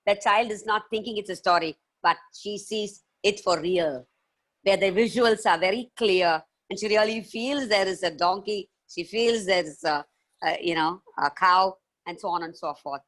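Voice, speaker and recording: Chants, animal noises, and laughter fill a live video-call storytelling session, where a children's author engages schoolchildren with animated, playful delivery. Her voice is mid-range at normal speed.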